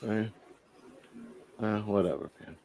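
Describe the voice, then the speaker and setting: A man hosting a livestream, ranting with heavy swearing, flaring loud and then dropping to a mutter. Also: lowish voice, slow, vocal fry, poor audio. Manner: profane, heated, swings from shouting to muttering. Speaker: livestream host. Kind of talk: unscripted livestream rant.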